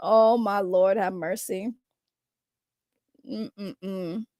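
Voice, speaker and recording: A woman's voice: sits high, animated, normal speed, fairly bright tone, no echo, studio quality. A woman giving heated, profane reaction commentary as a vlogger, repeating her angry points. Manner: heated, profane, repetitive ranting.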